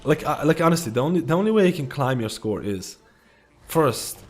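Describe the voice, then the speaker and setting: A man livestreams a game, offering casual gaming commentary full of rambling, repetitive advice, with frequent swearing and plenty of "dude" and "man." His voice sits fairly high and sounds a little mellow, and he talks fairly quickly in a very animated way.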